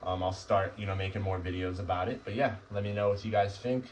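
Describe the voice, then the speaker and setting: A man's voice: low voice, fairly even intonation, fast, distant mic, slight background noise, rough recording. Man explaining dog crate training. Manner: conversational, often asks "right?". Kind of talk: casual instructional talk.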